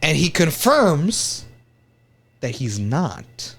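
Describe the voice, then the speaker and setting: A man's voice: on the high side, big pitch swings, very slow, gravelly, fairly bright tone, husky. A man hosting a podcast, reading out entertainment news in a laid-back, joking way and swearing casually.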